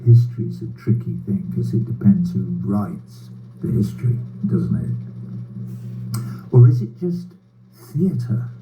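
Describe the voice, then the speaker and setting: An older man giving a prepared, sardonic political speech over a video call, slow and bitter, with wry laughs and swearing. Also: on the low side. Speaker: speaker addressing a rally by video. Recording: tinny phone-like line with faint hum.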